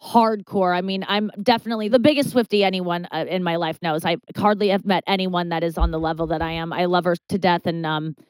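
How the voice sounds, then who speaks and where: Woman comedian guest, candid storyteller, leaps high to quote others, dry close studio sound. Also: fairly quick, few pauses, smooth, dry recording, poor audio. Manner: animated, jumps high when quoting herself and others, swears, stammers. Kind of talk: candid talk-show storytelling.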